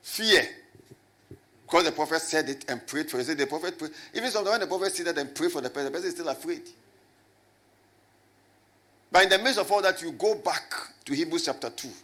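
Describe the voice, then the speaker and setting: A man preaching a lively sermon as a pastor, swinging from loud shouts to low asides and calling on the congregation to answer. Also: fast talker, pauses often. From Ghana. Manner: animated, rising to shouts and dropping low, with call and response.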